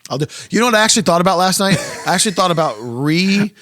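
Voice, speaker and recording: Animated man hosting a podcast. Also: sits high, a little hiss or hum. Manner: animated, laughing, quick asides. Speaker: podcast host. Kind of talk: casual chat.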